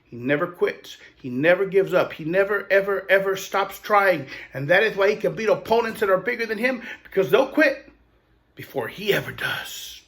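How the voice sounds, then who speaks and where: A man voicing a gentle, patient father reassuring his young son at a wrestling show, in a warm, fatherly tone. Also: sits high, expressive, normal speed.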